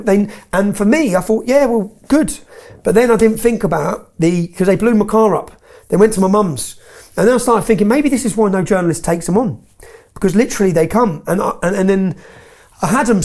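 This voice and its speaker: Brief: blunt man, gravelly voice, swears freely, interview guest. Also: high-pitched, a little mellow. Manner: blunt, swearing, checks in with "yeah?". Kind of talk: emphatic interview storytelling.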